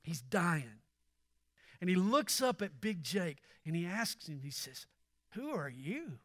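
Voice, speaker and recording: A man pastor preaching a sermon with emphatic delivery that swells toward near-shouts, putting questions straight to his congregation. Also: a little high, lively intonation, a little slow, no echo, clean studio sound.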